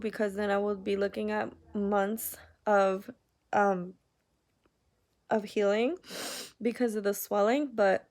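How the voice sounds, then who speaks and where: In a medium-pitched, darkish voice, a young adult woman shares a personal story on her casual vlog. She rambles candidly, says "like" a lot, and comes across as upset.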